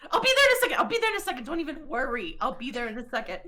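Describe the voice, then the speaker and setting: A woman's voice: on the high side, expressive, bright, forceful tone. A woman voicing a caring young woman in a tabletop game, hurrying to reassure her hurt best friend. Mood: worried. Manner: hurried, repeating herself to reassure.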